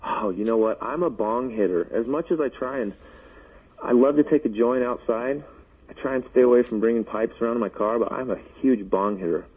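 A man from Oregon, a rapper guest, chatting in a relaxed, friendly way. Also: medium pitch, a little fast, breathy edge. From Oregon, USA. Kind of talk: casual interview on a phone line. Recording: tinny phone line.

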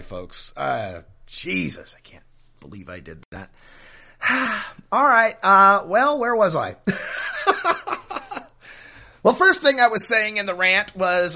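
A man's voice: sits high, pushed and bright. A man hosting a political podcast, ranting in an exasperated, pleading way with some swearing. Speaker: podcast host. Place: home studio with mic software.

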